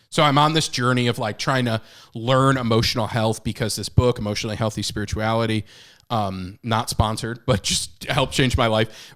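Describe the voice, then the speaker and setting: A man in his thirties co-hosting a podcast, talking candidly and with animation, swinging between loud and hushed. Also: medium pitch. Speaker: podcast co-host. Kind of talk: casual chat.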